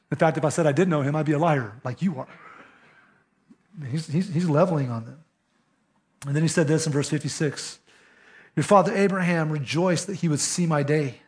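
A male pastor preaching a sermon, conversational and emphatic, speaking directly to the listeners. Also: a little high.

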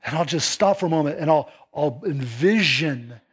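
Male preacher, high voice, animated delivery with hushed emphases. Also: normal speed, breathy edge. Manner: animated preaching, acts out little quoted voices, drops to a hush for emphasis. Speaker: pastor. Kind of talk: sermon.

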